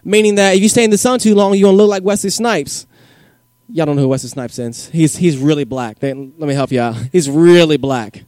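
A man giving a joking, energetic youth group sermon in casual slang, as a youth pastor. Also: on the high side, fast, dry recording, clean studio sound.

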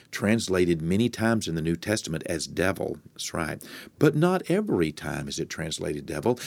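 A man's voice: fairly low pitch, creaky, mellow, no echo. A man preaching a podcast sermon, conversational with many fillers and building to emphatic preaching.

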